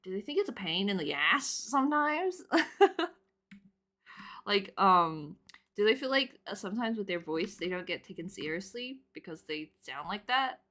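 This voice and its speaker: A woman in her twenties chatting casually while she draws on stream, rambling with lots of fillers and laughing loudly and often. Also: mid-range voice, big pitch swings, moderate pace. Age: 20s.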